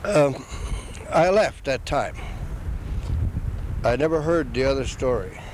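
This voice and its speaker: An older man telling a traditional story in an unhurried, plain-spoken way, repeating "he said" between the quoted lines. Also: mid-range voice, expressive, a little mellow, a little hiss or hum, low-quality recording.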